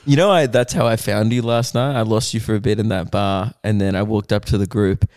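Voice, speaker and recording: A man's voice: on the low side, steady tone, brisk, darkish tone, no room sound, clean studio sound. An Australian man co-hosting a podcast in casual chat, teasing his friends and telling stories with acted-out quotes. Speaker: podcast co-host.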